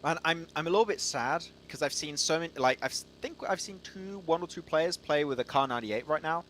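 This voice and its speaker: A man commentating a live esports match with a somewhat high voice. He is chatty and easily excited, and he breaks into laughter often. His delivery is loose and conversational. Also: brisk, a little hiss or hum. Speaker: esports caster.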